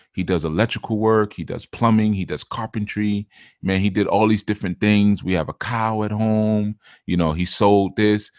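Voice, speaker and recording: Male spiritual teacher, casual and chatty, low voice, dry close recording. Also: no echo. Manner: conversational, laughs often, puts on voices for quotes. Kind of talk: casual talk to listeners.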